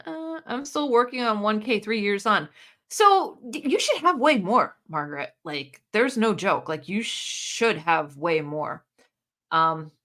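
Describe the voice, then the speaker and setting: A woman from the United States hosting a casual livestream, chatting and reading viewer comments aloud in an animated way. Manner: chatty and animated, pitch leaping up and down. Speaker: livestream host.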